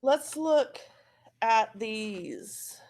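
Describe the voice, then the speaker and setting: A woman teacher with an Oklahoma accent walks students through a phonics lesson. She talks slowly in a fairly high voice and repeats each word patiently so they can practice it. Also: expressive, a little mellow.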